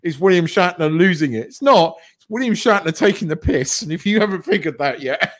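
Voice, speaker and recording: Ranting podcast co-host. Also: male voice, sits high, lively intonation, a little fast. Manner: blunt, ranting, sweary. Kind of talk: casual chat.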